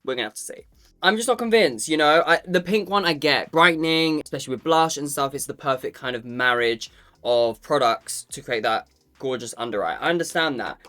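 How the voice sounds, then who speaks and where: A man's voice: fairly high pitch, fairly quick, pushed and bright. A man reviewing makeup to camera in a casual, campy and sassy way, swearing freely and calling the viewer "girl". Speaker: makeup vlogger.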